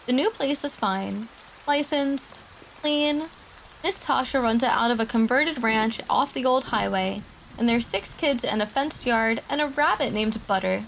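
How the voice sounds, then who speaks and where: A woman streamer with a fairly high voice and a lot of gravelly fry reads creepy stories aloud to her chat. She breaks off into casual, chatty asides. Faint rain patters in the background. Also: measured pace, fairly bright tone, a little hiss or hum, poor audio. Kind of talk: reading horror stories aloud to a live chat.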